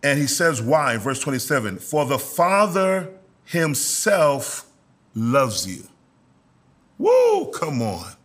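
A man preaching a sermon as pastor, in an animated style with call-and-response to his listeners. He slows down to stress key words and rises into loud exhortation. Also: medium pitch.

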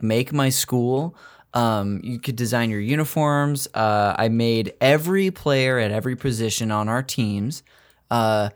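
A man chatting casually on a podcast panel, relaxed and storytelling with fillers. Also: mid-range voice. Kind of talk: casual chat.

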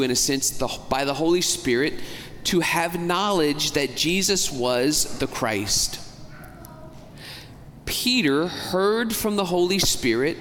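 A man preaching a homily as a priest, talking in a conversational way, asking the congregation questions and slowing down to stress key words. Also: fairly high pitch, animated, a bit bright, slight background noise. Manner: slows down and stretches key words for emphasis. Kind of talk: sermon. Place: church. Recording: long church reverb, faint ambience.

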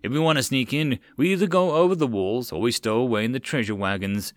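A man's voice: mid-range voice, fast, no room sound, close to an everyday voice. A man voicing an eager adult male soldier reporting matter-of-factly in a storybook reading.

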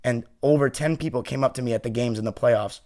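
A man hosting a sports podcast, delivering a passionate fan monologue that swings from heated ranting to quiet, heartfelt reflection. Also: mid-range voice, fast.

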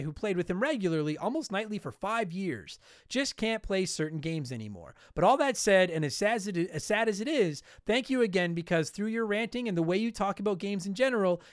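A man's voice: sits high, clean tone, no room sound. A man hosting a podcast, reading listener mail in a casual way and breaking into profane, ranting bursts, close to the mic.

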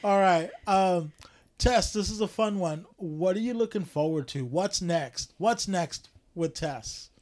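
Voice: medium pitch, a little slow. A podcast host chatting casually with a guest, joking and teasing. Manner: teasing, relaxed banter.

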